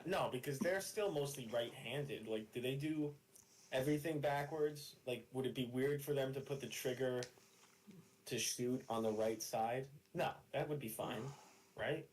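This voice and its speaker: A man's voice: mid-range voice, darkish tone, low-quality recording. A man chatting casually with friends, musing aloud and asking rhetorical questions. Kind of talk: casual chat.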